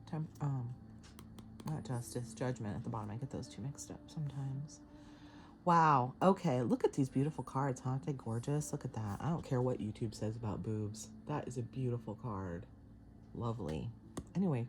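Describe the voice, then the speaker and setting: A woman giving a casual tarot reading to camera, chatty and excitable, laughing often and swearing casually. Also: extremely low pitch, a little hiss or hum. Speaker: tarot reader.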